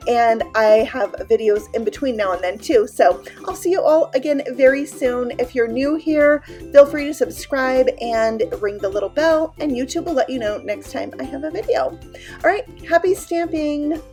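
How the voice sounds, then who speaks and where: Woman host, card-making tutorial voice-over, chatty and upbeat, a bit high. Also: normal speed, hardly any pauses, darkish tone, soft background music. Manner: chatty, upbeat, explains each step while working.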